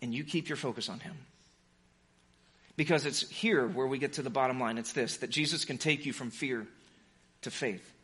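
A man preaching a sermon as pastor, passionate and urgent, swinging between fervent pleas and hushed, quiet lines. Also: medium pitch, normal speed, long pauses, breathy edge.

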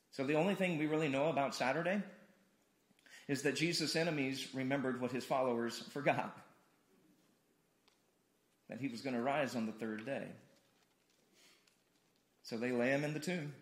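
A man's voice: medium pitch, normal speed, pauses often, roomy sound. A man preaching a conversational sermon, often repeating words and acting out dialogue. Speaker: pastor.

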